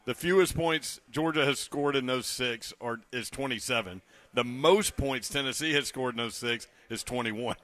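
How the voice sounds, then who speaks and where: A man's voice: mid-range voice, a bit bright. A man co-hosting sports talk radio, casual and conversational, reading off game stats. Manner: reads off stats, quick and conversational. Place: radio studio.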